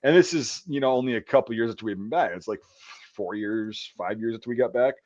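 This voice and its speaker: A man's voice: medium pitch, fast, lo-fi sound. A man in his thirties, a military veteran, telling a story in casual chat with lots of swearing and acted-out quotes. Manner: profane, animated storyteller acting out quotes. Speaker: podcast host, military veteran.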